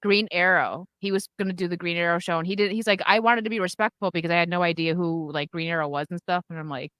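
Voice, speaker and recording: A woman's voice: on the low side, fairly even intonation, fast talker, a bit bright, no room sound. A woman hosting a casual livestream chat, chatty and reading out donations, on a close mic. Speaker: streamer host.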